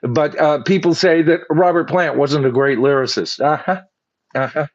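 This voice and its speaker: A man's voice: a little high, fairly even intonation, normal speed, highs cut off. An older man hosting a commentary show, speaking in a sarcastic, mocking way and reading lyrics aloud to pick them apart. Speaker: host. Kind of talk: opinionated commentary.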